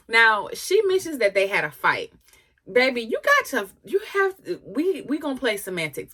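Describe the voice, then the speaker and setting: A woman doing gossip commentary to her viewers. She is sassy and animated, and keeps stopping to talk back to the texts she reads. Her voice is bright and forceful and swings widely in pitch. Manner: sassy, animated, laughs and comments between readings. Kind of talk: casual commentary, reading texts aloud.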